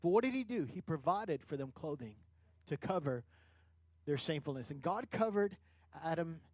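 A middle-aged man preaching a conversational sermon as a pastor, building into animated bursts. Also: a little high, moderate pace, no echo.

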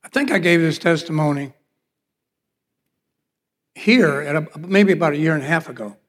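A fairly high-voiced man preaches a sermon from the pulpit, his words ringing with the long reverb of a big hall. He tells a personal testimony and acts out the voices in his stories. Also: normal speed. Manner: storytelling, acts out quoted dialogue. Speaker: pastor.

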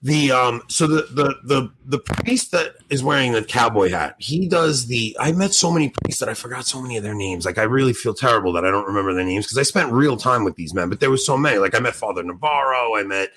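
A man co-hosting a podcast, telling excitable stories in casual chat, acting out his conversations and laughing often. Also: medium pitch, fairly quick, few pauses, background noise. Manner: excitable storyteller, acts out dialogue, laughs often. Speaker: podcast co-host.

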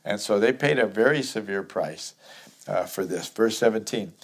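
Reading scripture aloud before unpacking it in a conversational way, a man works verse by verse through a Bible chapter. His voice is fairly low and gravelly, and he moves briskly.

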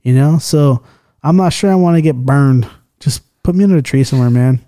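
Mellow-voiced man telling stories. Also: mid-range voice, a little fast. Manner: loose, swears often, tells stories with voices. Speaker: podcast host. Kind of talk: casual chat.

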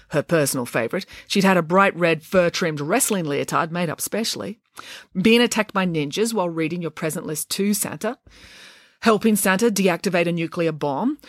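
A woman reading a children's story aloud with a lively, expressive voice that rises and falls a great deal. The reading is playful, and the recording is dry and close. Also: on the low side, dry recording. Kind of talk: storybook narration.

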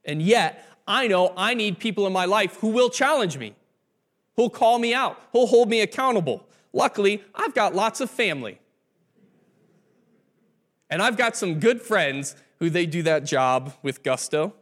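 Male pastor, slightly higher voice, telling stories as he preaches to his congregation. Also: lively intonation, a little slow, fairly bright tone. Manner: conversational storytelling preaching. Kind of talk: sermon.

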